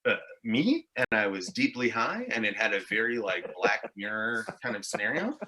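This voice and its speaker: A man's voice: fairly low pitch, big pitch swings, moderate pace, bright, forceful tone. A man from Montreal with an English Canadian accent, telling tangential stories in a casual podcast chat with frequent swearing. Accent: English Canadian (Montreal Anglophone). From Montreal, Quebec. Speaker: guest, actor and improviser.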